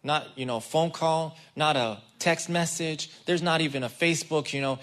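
With a fairly high, slightly bright voice and an unhurried pace, a man delivers a sermon as guest preacher. He keeps it casual and chatty, addressing the congregation directly and playing out the characters in the story.

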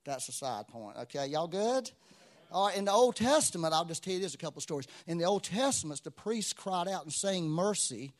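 A man preaching a sermon, telling stories with lively swings between loud exclamations and quiet asides. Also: on the high side, a little fast.

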